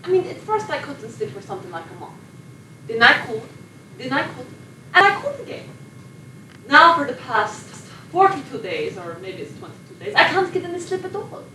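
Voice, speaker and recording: A sleepless Polish actress. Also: female voice, high-pitched, very animated, normal speed, bright, forceful tone, full character voice. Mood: chatty. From Poland. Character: sleepless Polish émigré actress, chatty and self-promoting. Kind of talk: film monologue. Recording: echoey room, distant mic, background noise.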